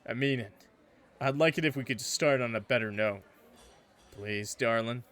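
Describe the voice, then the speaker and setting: A man's voice: moderate pace, a bit bright, lightly acted. Justin, a man doing a purring smug flirt. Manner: low, purring, teasing delivery. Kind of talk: reading visual novel dialogue aloud.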